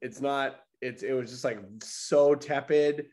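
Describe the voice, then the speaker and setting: Exasperated comedian telling a rant. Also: male voice, medium pitch, fairly even intonation, unhurried, a little mellow, slight background noise. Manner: swearing, exasperated storytelling. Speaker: stand-up comedian and podcast host. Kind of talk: casual podcast chat. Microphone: remote video call.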